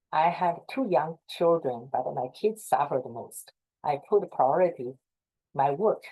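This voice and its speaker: A woman's voice: low-pitched, mellow, husky, low-quality recording. A middle-aged woman with a Chinese accent, earnestly giving advice to fellow association leaders on a video call. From China. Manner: earnest, repetitive, encouraging. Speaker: presenter advising association leaders. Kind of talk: informal talk to a professional group.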